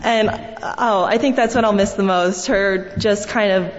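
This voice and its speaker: A woman's voice: mid-range voice, unhurried. A young woman speaking a fond, rambling eulogy in a large church, full of fillers as she tells family stories. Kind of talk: memorial eulogy. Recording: echoey hall, dull sound, faint hiss.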